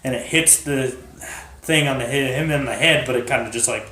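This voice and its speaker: A man's voice: mid-range voice, brisk, bright, forceful tone, slight background noise. Storyteller, male, rambling improv narration, echoey room. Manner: rambling, giggly, many fillers. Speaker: podcast storyteller. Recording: roomy echo.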